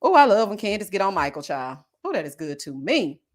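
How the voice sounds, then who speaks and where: A woman's voice: medium pitch, big pitch swings, a little fast. A woman hosting a casual live-stream commentary, reading chat comments in a sassy voice and laughing often. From Texas. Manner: sassy, laughs often, puts on voices when quoting people.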